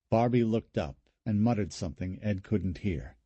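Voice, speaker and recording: A man reading a horror novel aloud with a low, dark voice. There is a husky edge to it and the sound is dry and close. His delivery is measured and even. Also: no room sound, dull audio. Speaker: audiobook narrator. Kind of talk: scripted narration.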